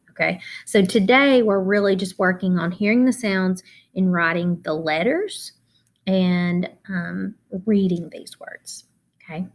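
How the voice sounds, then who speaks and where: A middle-aged woman teaching a children's phonics lesson, slowly and deliberately spelling out letters and syllables. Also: fairly low pitch.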